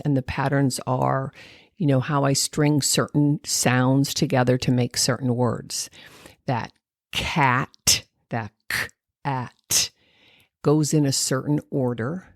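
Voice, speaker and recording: A woman's voice: very deep voice, darkish tone, no echo, clean studio sound. A woman hosting an educational podcast, explaining speech and language development and sounding out examples. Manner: explanatory, demonstrates sounds and intonation aloud, many fillers. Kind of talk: solo educational podcast talk.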